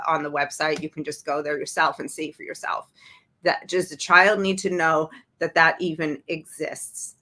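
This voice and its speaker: Sarcastic fired-up woman doing her livestream show, lowish voice. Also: pushed and bright. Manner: indignant, sarcastic. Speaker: show host. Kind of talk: livestream commentary.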